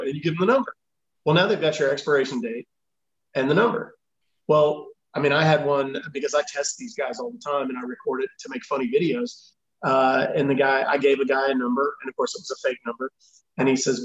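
A man's voice: fairly high pitch, brisk, echoey room, dull audio. A man on a podcast as a consumer advocate guest, explaining scams at length and acting out the callers' lines, with many fillers. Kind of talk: podcast interview answers.

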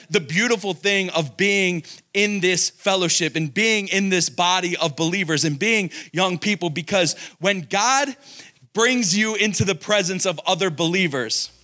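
Earnest male pastor, high bright voice, chatty story into fervent preaching. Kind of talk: casual storytelling turning to preaching.

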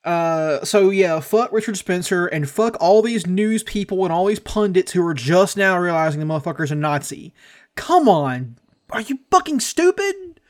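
A man's voice: high-pitched, moderate pace, hardly any pauses. A man co-hosting a podcast, swearing freely and ranting with mocking asides. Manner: profane, ranting, does mocking quoted voices. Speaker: podcast co-host. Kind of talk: casual comedic political chat.

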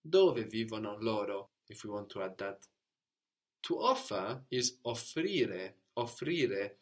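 A man's voice: fairly low pitch, lively intonation, slow. A man teaching a language lesson, patiently prompting his student and repeating each answer.

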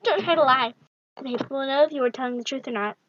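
A woman's voice: sits high, fast talker, lo-fi sound, noisy background, close to an everyday voice. A woman voicing a stern, haughty female death goddess who speaks in a commanding, scornful way while reading a storybook aloud.

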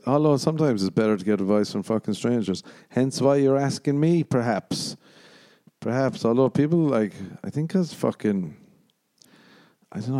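A man's voice: on the low side, warm tone, no echo. A young Irish man hosting a podcast on his own, rambling casually, swearing a lot and poking fun at himself. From Ireland. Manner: sweary, self-mocking, rambling. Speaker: podcast host.

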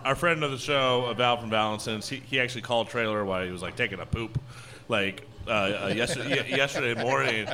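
A man, co-owner of a brewery, chatting casually on a podcast with lots of restarts and animated retellings. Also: mid-range voice, brisk. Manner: rambling, many restarts, animated when retelling stories.

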